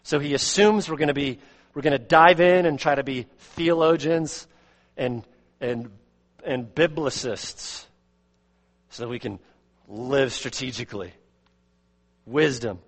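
A man preaching an expository sermon as pastor, earnest, repeating words and swinging from loud emphasis to quiet asides. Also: mid-range voice, a little slow, pauses often, long reverb tail. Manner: earnest, repeats words, rises and drops sharply in volume.

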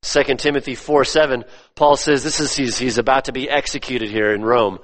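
A man preaching a sermon, emphatic, repeating his phrases and swinging between loud stresses and hushed drops. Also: mid-range voice, steady tone, a little fast. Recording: long reverb of a church hall.

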